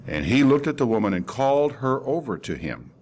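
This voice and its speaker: A man's voice: medium pitch, very animated, a little fast, darkish tone, a little hiss or hum. An older man preaching a sermon, telling a scripture story in a conversational way and acting out the quoted voices with animation.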